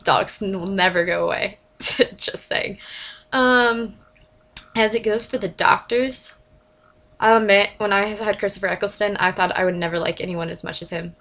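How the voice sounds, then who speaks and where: Bright-voiced young woman gushing to camera. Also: medium pitch. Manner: gushing, chatty, fast shifts between whispers and squeals. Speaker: vlogger. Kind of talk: casual fan chat to camera.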